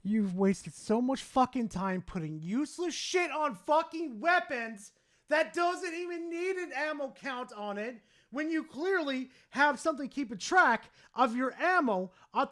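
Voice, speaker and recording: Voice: high-pitched, a bit bright, no echo, clean studio sound. A streamer reacting to a game video, exasperated and critical, swearing often. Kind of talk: profane reaction commentary.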